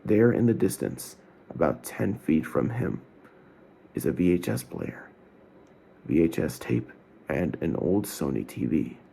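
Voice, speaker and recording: A man reading his own self-written story aloud as a channel host, with slightly slurred words and an animated telling. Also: sits low, a little slow, creaky, pauses often, a little hiss or hum.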